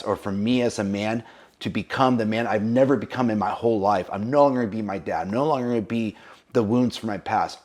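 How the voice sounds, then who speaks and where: A man with a fairly low voice delivers a rousing coaching talk to other men. He hammers home short rallying phrases again and again, building emphasis as he goes. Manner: emphatic, repetitive rallying cries. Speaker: relationship coach.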